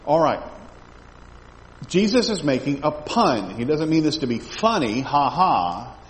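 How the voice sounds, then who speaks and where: A man's voice: fairly high pitch, big pitch swings, a little slow. A man teaching a Bible study class. He reads scripture aloud, asks his listeners questions and often repeats words while he thinks. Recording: echoey hall with faint background noise.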